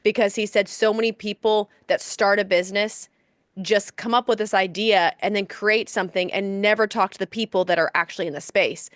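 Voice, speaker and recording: A woman co-hosts a podcast in casual chat, her voice at a middle pitch. She gushes and rambles, with lots of fillers. The sound is dry and close. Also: fairly even intonation, a little fast, no echo. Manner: gushing, effusive, lots of "like". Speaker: podcast co-host.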